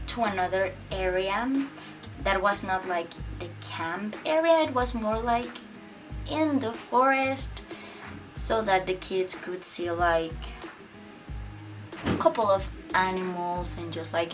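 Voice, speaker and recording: A young vlogger chats casually to camera while telling a personal story, packing her talk with "like" and acting out what people said. Her voice is mid-range, picked up by a distant mic.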